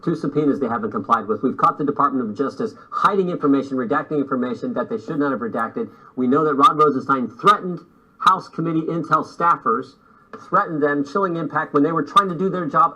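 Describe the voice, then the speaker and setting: A congressman speaks quickly and insistently, circling back to the same phrases for emphasis. His voice has a bright, forceful edge. The recording is dull and lo-fi. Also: mid-range voice. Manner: insistent, repeats key phrases. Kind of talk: press interview statement. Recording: dull lo-fi clip.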